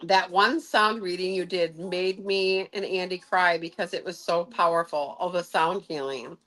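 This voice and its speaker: A woman's voice: fairly low pitch, fairly even intonation, normal speed, fairly bright tone, rough recording. A woman hosting a casual livestream as a sound healer. She talks in a chatty, rambling way with many filler sounds.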